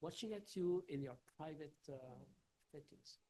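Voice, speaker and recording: Husky halting man lecturing. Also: fairly high pitch, dark tone, poor audio. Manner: halting, many fillers and restarts. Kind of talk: academic Q&A answer.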